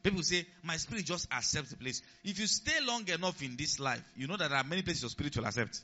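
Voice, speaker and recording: A male pastor preaching a sermon, often asking the congregation if they follow and repeating key lines, swinging between loud emphasis and quiet asides. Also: fairly high pitch, lively intonation, fast talker. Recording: long hall reverb, dull lo-fi sound.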